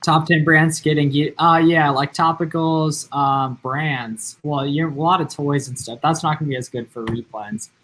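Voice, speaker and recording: A man's voice: fairly high pitch, fairly even intonation, normal speed, hardly any pauses, a bit bright, low-quality recording. A man co-hosting a casual livestream, answering viewer questions with lots of "like" and "um" fillers. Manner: rambling, heavy use of "like" and "um" fillers.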